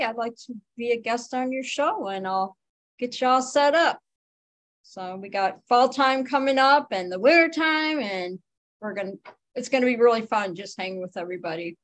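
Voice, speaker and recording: An easygoing woman chats casually as a podcast co-host. Her voice sits fairly high, and she talks in a relaxed, friendly way. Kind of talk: casual chat.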